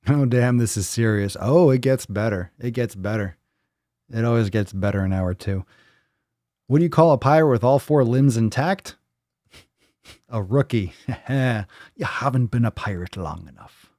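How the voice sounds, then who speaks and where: A man's voice: medium pitch, unhurried, dark tone, dry recording, clean studio sound. A man hosting a live stream, chatting casually in a rambling, joking, profane way. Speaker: host. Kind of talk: casual livestream chat.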